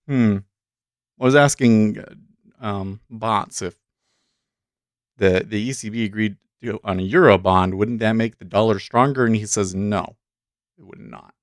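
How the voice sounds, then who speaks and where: A man's voice: lowish voice, a little slow, no echo, studio quality. A man hosting a day-trading livestream, talking casually to viewers at his desk microphone and thinking aloud between remarks. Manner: chatty, talks directly to viewers. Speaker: livestream host and day trader. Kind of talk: casual live commentary.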